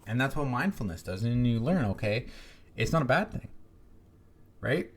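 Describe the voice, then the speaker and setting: A man hosts a wellness podcast in a relaxed, coaching way. His voice sits at a middling pitch, and he keeps it conversational, often ending a point with "right?". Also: moderate pace. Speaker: podcast host. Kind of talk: casual spoken coaching monologue.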